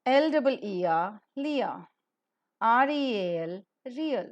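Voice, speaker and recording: Slow, careful woman teacher. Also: fairly high pitch, lively intonation, lo-fi sound. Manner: spells words letter by letter, then says them carefully. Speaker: pronunciation teacher. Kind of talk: scripted phonetics lesson.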